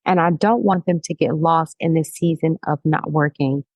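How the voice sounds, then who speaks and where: A woman's voice: deep voice, moderate pace, a little mellow, no room sound. A woman hairstylist, a guest on a podcast, speaking earnestly and encouragingly about community and support. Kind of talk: casual interview chat.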